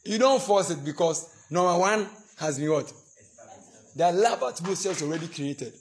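A man's voice: a little high, normal speed. A man preaching at a marriage seminar, acting out scenes between couples and leading the congregation in prayer. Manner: acts out couple arguments, animated, prays in tongues. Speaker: pastor. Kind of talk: sermon.

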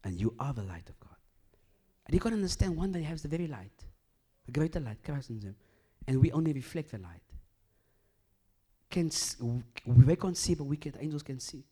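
A man preaching a sermon, swinging from loud emphatic bursts to hushed low lines and repeating phrases as he builds a point. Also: big pitch swings, a little fast, slightly rough.

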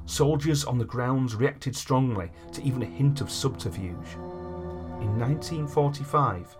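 A man's voice: medium pitch, unhurried, over music. A man hosting a podcast, reading history notes aloud and then chatting loosely with fillers. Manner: reads long passages, then chats with fillers like "like" and "you know". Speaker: podcast host. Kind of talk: reading history notes between casual chat.

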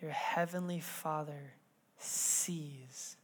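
A man in his thirties preaching a sermon in a church, telling a family story with lively swings between loud bursts and hushed moments. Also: fairly high pitch, drawn-out words, slightly rough. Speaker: pastor. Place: church sanctuary.

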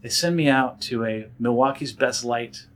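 A man in a casual interview, telling stories from his career at an animated pace. He fills his talk with "um" and "like", restarts his sentences, and often jumps into other people's voices. His pitch sits in a plain middle range. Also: moderate pace. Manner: animated storyteller, many fillers and restarts, acts out voices. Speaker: guest, director and actor.

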